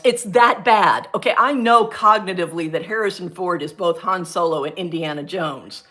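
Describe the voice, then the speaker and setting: Florida lady rambling on a craft livestream, kinda low voice, laughs a lot. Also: moderate pace, hardly any pauses, sharp tone. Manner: chatty and rambling, laughs often, frank. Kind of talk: casual chat, reading live comments aloud.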